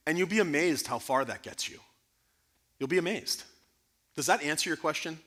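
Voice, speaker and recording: A man speaking as guest speaker at a church conference, answering audience questions in an earnest, animated way. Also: fairly high pitch, moderate pace, long pauses. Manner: earnest, animated, rising to emphatic bursts. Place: church sanctuary.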